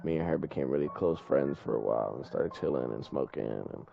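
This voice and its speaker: A man's voice: very deep voice, expressive, a little fast, gravelly. A young man streaming a game and chatting casually with friends, swearing often and joking loosely. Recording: muffled stream audio with game music.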